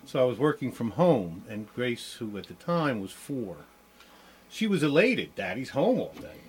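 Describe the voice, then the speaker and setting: Lively-voiced chatty man. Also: mid-range voice, a little slow, breathy edge. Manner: chatty storyteller, laughs often. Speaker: co-host. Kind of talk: casual chat.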